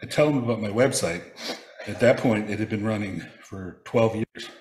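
A man reading a prepared personal reflection aloud, telling stories in a measured way with touches of wry humor. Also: fairly low pitch, darkish tone, roomy sound. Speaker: speaker sharing a personal reflection.

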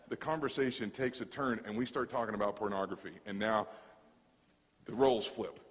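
Man preaching in a reverberant hall. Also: medium pitch. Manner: animated storytelling, repeats words, acts out dialogue. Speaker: pastor. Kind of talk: sermon.

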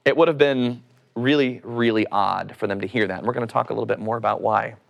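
A man with a mid-range voice and some vocal fry talks at a quick clip, preaching a casual sermon. He's animated and joking, tosses questions to his listeners, and acts out the voices of the people in his story.

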